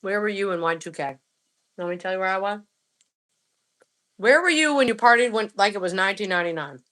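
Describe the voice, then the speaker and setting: A woman in her forties hosting a live cooking stream, chatting casually and humming between bites. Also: medium pitch. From Florida. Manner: relaxed, chatty, hums with food between remarks. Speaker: livestream host cooking and eating. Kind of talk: casual live chat while eating.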